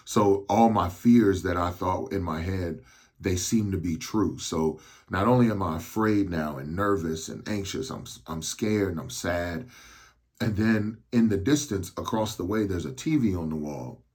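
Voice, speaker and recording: A man in his thirties with a very low, husky voice recounts a personal story on his podcast. He speaks slowly and haltingly, with many restarts, because he is on medication. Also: lively intonation, darkish tone. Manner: slow, halting delivery with restarts. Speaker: podcast host.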